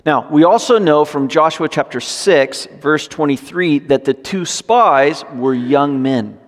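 A man preaching a sermon, reading scripture and breaking into animated, joking asides. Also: a little high, measured pace. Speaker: pastor. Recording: long hall reverb.

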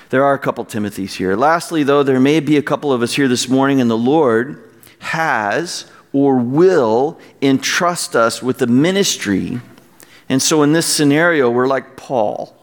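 A man preaching as pastor, passionate and at times near yelling, quoting scripture and urging his congregation. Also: a little high, in a large hall. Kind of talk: sermon.

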